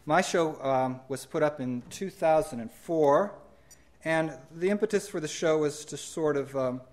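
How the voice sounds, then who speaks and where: A middle-aged man presenting his own exhibition with slides at a conference, talking in an unhurried, halting way with many ums and restarts. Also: fairly high pitch, a little mellow.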